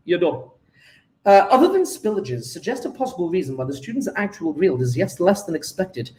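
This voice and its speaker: A man's voice: high voice, big pitch swings, a little fast, a little mellow, roomy sound. A man working through an exam paper as a chemistry tutor, thinking aloud and talking to himself as he calculates.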